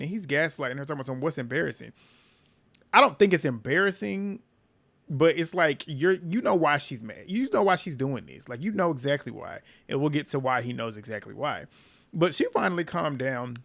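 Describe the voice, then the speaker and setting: A young man chats through a reality-show recap in a casual, slangy way. He keeps it animated and breaks into quick laughing asides. His voice sits a little higher than most men's. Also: vocal fry.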